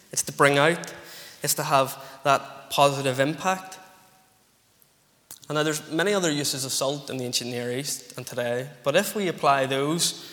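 A man's voice: a little high, pushed and bright, long reverb tail. A Northern Irish man preaching an earnest, emphatic expository sermon to his church congregation. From Northern Ireland. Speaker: pastor.

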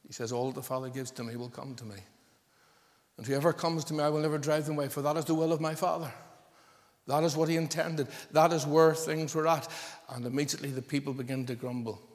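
A man's voice: a little high, steady tone, fast. A man preaching a sermon, emphatic and stressing points through repetition. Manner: emphatic, repeating phrases for stress. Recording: long reverb of a large hall.

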